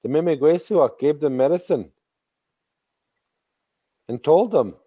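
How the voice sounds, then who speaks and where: A man telling a traditional story slowly, repeating phrases and bursting into sudden animated emphasis. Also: a little high, husky. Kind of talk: oral storytelling.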